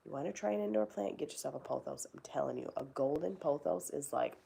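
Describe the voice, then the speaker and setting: A woman's voice: low-pitched, expressive, quick pace, vocal fry, dark tone, slight background noise. A young woman hosting a casual chat, rambling and swearing now and then. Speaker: host.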